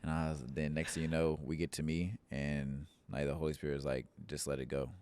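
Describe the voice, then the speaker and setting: A young man telling a personal church story in relaxed, earnest podcast chat. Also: a bass voice, brisk, clear, resonant tone. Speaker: church member, podcast guest.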